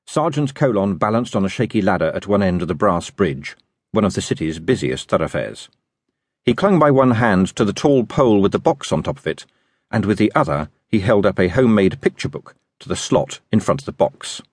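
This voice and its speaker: A male audiobook narrator tells the story with a wry, dry manner and a lively, varied pitch. His voice sits on the low side with a slight huskiness. The close studio sound is dry. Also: fairly quick, husky, no room sound. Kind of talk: scripted narration. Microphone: close studio mic.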